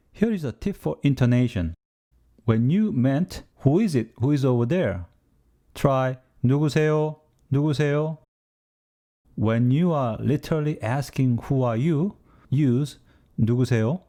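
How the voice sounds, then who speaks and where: A man's voice: medium pitch, mellow. A man giving a scripted language lesson, explaining steadily with the odd joking aside. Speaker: language teacher.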